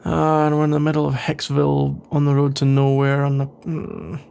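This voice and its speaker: A man playing a gravelly sarcastic office rival. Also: fairly high pitch, monotone, moderate pace, a little mellow. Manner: sarcastic, dry and grumbling. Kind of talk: ASMR role-play.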